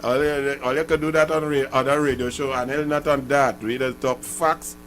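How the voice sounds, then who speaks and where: A man's voice: mid-range voice, fairly even intonation, normal speed, fairly bright tone, faint music behind. A man with a Trinidadian accent hosting a political call-in radio show, combative and emphatic, hammering points with repeated phrases.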